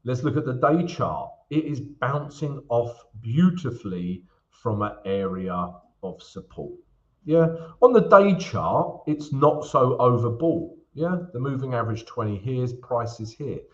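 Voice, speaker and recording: A man's voice: mid-range voice, sing-song, a little slow, lo-fi sound. A man from England hosting a live trading stream, chatting with viewers by name and talking through charts in a casual, joking way. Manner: chatty, greets viewers by name, jokes between chart talk. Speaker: forex trading stream host.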